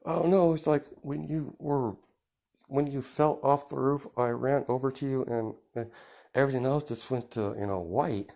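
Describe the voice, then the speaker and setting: A panicked teenage twin sister who stammers and repeats herself, as a man puts her on. The voice sits clearly above his usual pitch and drops softer, like a frightened girl in an amateur fan story. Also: normal speed, close to an everyday voice. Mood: shaken.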